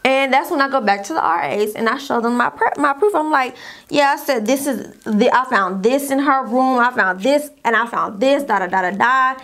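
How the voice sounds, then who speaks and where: A young woman telling a casual story-time tale, acting out what other people said in an animated way. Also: high-pitched, moderate pace.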